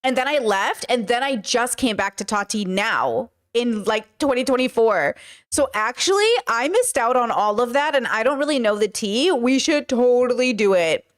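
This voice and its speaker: A woman's voice: on the high side, lively intonation, normal speed. A woman hosting a podcast, chatting in a rambling, casual way while reacting to a clip. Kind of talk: casual commentary.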